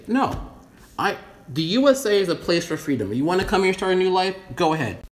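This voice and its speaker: A man's voice: sits high, sing-song, moderate pace. A man from the United States ranting to camera in a casual vlog, blunt and rambling, swearing constantly. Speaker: vlogger. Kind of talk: casual opinion rant to camera.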